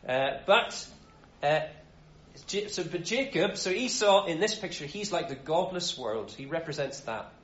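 A man with a fairly high, slightly bright, animated voice speaks a little slowly. He's a Bible teacher delivering an informal sermon in a casual, conversational style, restarting often, and the recording sounds roomy and dull.

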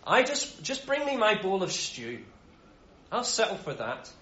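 A man's voice: sits high, very animated, a little slow, sharp tone, voice pushed up, exaggerated voice. A man voicing a hungry, careless young man who talks bluntly in casual slang. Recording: roomy, dull sound.

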